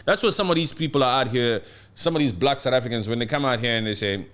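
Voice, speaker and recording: A man hosting a live stream discussion, speaking emphatically and slowing down to stress his points. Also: mid-range voice, fairly bright tone. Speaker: host.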